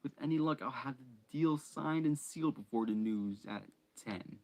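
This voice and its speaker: A man's voice: medium pitch, normal speed, a little mellow, voice pushed up, lightly acted, low-quality recording. A man voicing a blustering, nasty middle-aged uncle in a stern, clipped commanding tone. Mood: bossy.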